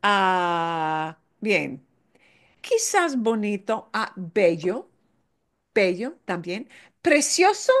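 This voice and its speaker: In an online language class, a woman with a medium-pitched voice teaches Spanish at an unhurried pace. She alternates English explanations with Spanish examples, drilling words by repeating them again and again, patient and steady.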